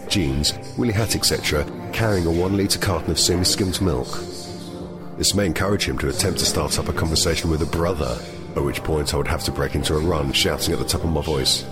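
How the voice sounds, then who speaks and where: A man narrating a comic monologue in a dry, measured, deadpan way. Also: very deep voice. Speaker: host and narrator.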